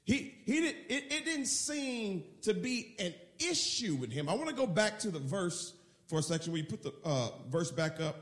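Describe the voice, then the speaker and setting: A male pastor preaching in an animated, storytelling way, his fairly high voice rising and falling widely. The sound is roomy, with the echo of a church hall around him. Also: moderate pace. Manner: animated, acts out the scene in storytelling. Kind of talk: sermon.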